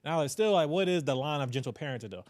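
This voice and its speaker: A man's voice: a little high, lively intonation, very fast, darkish tone. A young man co-hosting a podcast, rambling and reflective in casual chat. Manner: rambling, reflective, fills with "whatever". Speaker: podcast co-host.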